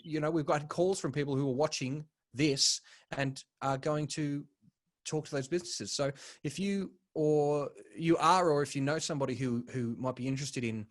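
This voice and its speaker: A man's voice: on the high side, fairly even intonation, moderate pace, no echo. A young man co-hosting a podcast in casual chat, rambling and laid-back, swearing freely. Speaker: podcast co-host.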